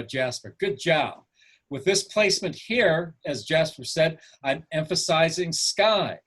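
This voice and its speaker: Upbeat male photography teacher, higher voice. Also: husky. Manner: asks the class questions, encouraging. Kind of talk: online class over video call. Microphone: video call.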